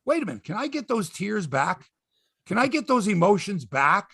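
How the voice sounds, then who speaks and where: A man's voice: sits high, very animated, normal speed, gravelly, fairly bright tone, slightly rough, no room sound, clean studio sound. A man hosting a sports podcast, ranting in casual chat, swearing and acting out quotes in voices.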